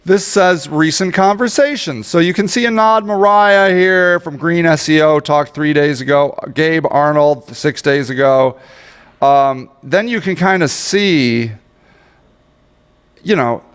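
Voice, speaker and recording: A man's voice: a little high, clean tone, big-room sound. A man giving a casual, rambling screen-share tutorial on social media marketing, joking at his own expense and grumbling when the tool won't cooperate. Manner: rambling, self-mocking, easily frustrated.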